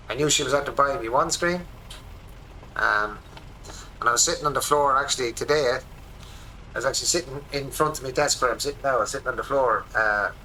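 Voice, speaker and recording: An Irish man in his forties, a streamer rambling excitedly through casual commentary while he plays a game at his home desk. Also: medium pitch, a little hiss or hum, rough recording. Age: 40s.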